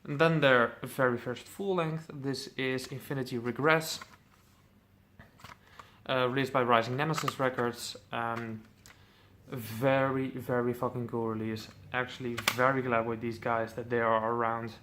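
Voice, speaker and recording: Man, casual collection vlog, enthusiastic, swears a lot, mid pitch, faint hiss behind. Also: little pitch movement, measured pace. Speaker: metal CD collector vlogger.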